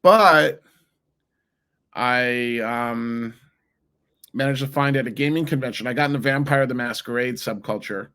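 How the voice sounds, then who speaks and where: Guest voice: man, 40s, New Jersey-raised, lively rambling storyteller, mid pitch. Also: unhurried, pauses often, clear, resonant tone. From New Jersey, USA. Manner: animated, rambling, many restarts. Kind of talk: casual interview storytelling.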